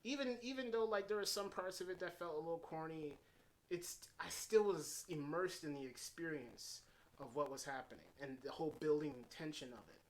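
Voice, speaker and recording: A man's voice: a little high, moderate pace. Rambling man reviewing a film. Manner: rambling, heavy on fillers and restarts; retells scenes in paraphrased quotes. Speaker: movie reviewer. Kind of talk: casual unscripted film review.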